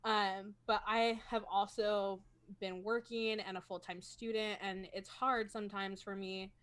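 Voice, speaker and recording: A woman's voice: mid-range voice, little pitch movement, a little slow, fairly bright tone, clean tone. A woman talking casually as a role-playing game player on a video call, chatty and self-conscious, laughing often. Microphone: home streaming microphone.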